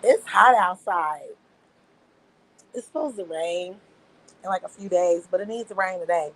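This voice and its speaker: A woman's voice: on the low side, fairly quick, a little mellow, poor audio. A young adult woman on a casual livestream, speaking in a laid-back, slangy way and talking back to her chat. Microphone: phone.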